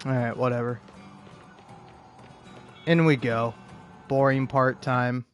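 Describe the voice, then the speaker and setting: A man's voice: mid-range voice, steady tone, slow, soft background music. A man commentating on a gaming livestream who rants, swears and makes theatrical outbursts.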